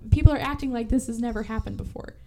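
A woman's voice: a little high, very fast, a little mellow, slight background noise. A woman co-hosting a podcast, recapping a movie in casual chat, acting out the characters' lines and swearing freely. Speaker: podcast co-host.

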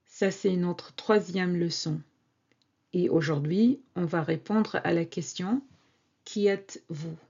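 A woman teaching a beginners' French lesson, repeating each word slowly and carefully. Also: fairly low pitch, creaky, darkish tone, husky, muffled recording. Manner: slow, careful repetition of words. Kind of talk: slow language lesson.

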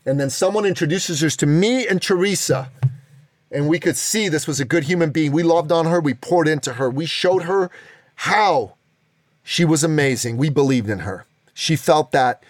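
A man's voice: on the high side, normal speed, no echo. A middle-aged man hosting a podcast, telling a motivational story in an emphatic, dramatic way. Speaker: podcast host.

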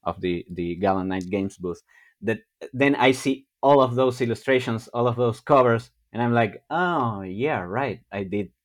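A man's voice: mid-range voice, steady tone, normal speed. A man talking as a guest on a podcast, hesitant, with many restarts and frequent laughter. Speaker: guest artist. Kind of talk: casual podcast interview.

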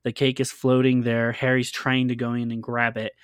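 A man's voice: medium pitch, monotone, normal speed, smooth, dry recording, studio quality. A man co-hosting a podcast, talking casually with lots of "like" fillers and frequent laughter. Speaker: podcast co-host. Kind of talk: casual chat.

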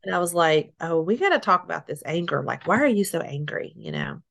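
A middle-aged woman being interviewed, telling her story haltingly, with restarts, soft laughs and sighs. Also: lowish voice, big pitch swings, vocal fry. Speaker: interview guest.

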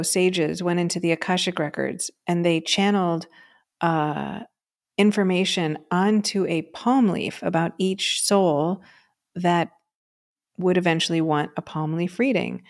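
A woman co-hosting a podcast, telling a personal story in a casual, conversational way and often asking "right?". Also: fairly low pitch. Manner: storytelling, frequently asks "right?" and says "um". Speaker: podcast co-host.

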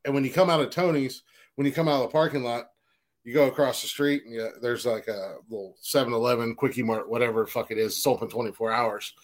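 A middle-aged man from the Newark area tells a winding story on a casual podcast. He swears often, circles back with restarts, and speaks at an ordinary middle pitch. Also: fairly even intonation, quick pace. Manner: rambling, swears freely, many restarts. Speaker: podcast co-host.

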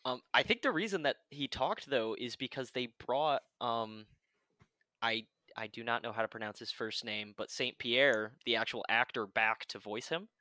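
A man's voice: mid-range voice, normal speed, pushed and bright, no echo. A man co-hosting a casual fan discussion, enthusiastic, with hesitant restarts and self-deprecating asides. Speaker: podcast co-host.

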